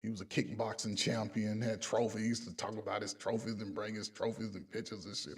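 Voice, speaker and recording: Gravelly-voiced man telling stories. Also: fairly low pitch, level tone, fairly quick, few pauses, far from the mic. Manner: profane, laughing, quotes others in his own voice. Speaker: coach telling army stories. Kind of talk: casual storytelling.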